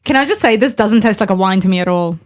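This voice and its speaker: A woman's voice: medium pitch, animated, fast. A woman co-hosting a casual chat podcast, joking and self-deprecating. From Australia. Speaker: podcast co-host.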